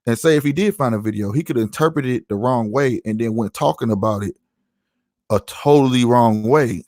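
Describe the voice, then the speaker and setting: A man's voice: medium pitch, dry recording, clean studio sound. Slangy St. man chatting on a podcast. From St. Louis, USA. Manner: slangy, storytelling, lots of "you know what I'm saying". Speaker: podcast host. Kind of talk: casual podcast chat.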